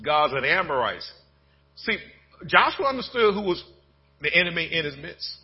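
Husky, high-voiced preaching man. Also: big pitch swings, moderate pace, muffled recording. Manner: folksy preaching, swings from low murmurs to shouted bursts. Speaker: pastor. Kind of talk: sermon.

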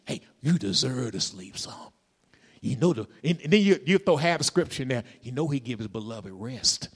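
A man preaching a sermon in a Southern Black church style, dropping to whispers and rising to shouts. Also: medium pitch, animated, normal speed, breathy edge. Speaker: pastor. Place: church sanctuary. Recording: reverberant hall.

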